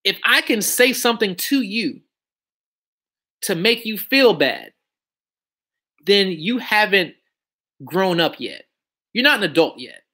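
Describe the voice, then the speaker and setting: A man's voice: high voice, sharp tone. A man talking loosely and confidently on a casual live stream about taxes and credit. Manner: loose, conversational, slangy and self-assured. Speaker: credit and tax educator.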